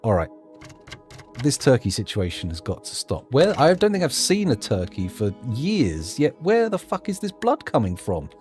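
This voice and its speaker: A man's voice: mid-range voice, wildly swooping pitch, normal speed, darkish tone, faint music behind. A man hosting a gameplay video, thinking aloud in a jokey, self-deprecating ramble. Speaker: gameplay host. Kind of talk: rambling let's-play commentary.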